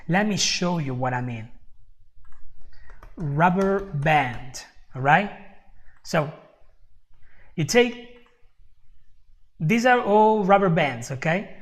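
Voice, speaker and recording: A man teaching English in a live online lesson, moving at an unhurried, drawn-out pace. He keeps checking in with his viewers, tosses in quick laughs and answers chat comments by name. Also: sits high. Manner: explanatory, checks in with "okay?" constantly, laughs often.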